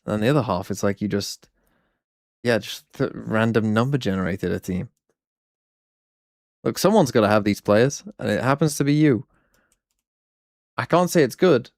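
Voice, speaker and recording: A man's voice: lowish voice, moderate pace, pauses often, darkish tone, no room sound, clean studio sound. A man streaming, casually reviewing viewers' fantasy teams in a wry, blunt way, thinking aloud. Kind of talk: casual livestream commentary.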